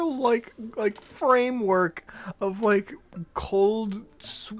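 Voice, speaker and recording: A man's voice: on the high side, moderate pace. A man hosting a podcast, telling a crude, embarrassing story while laughing throughout. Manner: laughs constantly, crude and animated. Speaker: podcast host. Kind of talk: comedic storytelling chat.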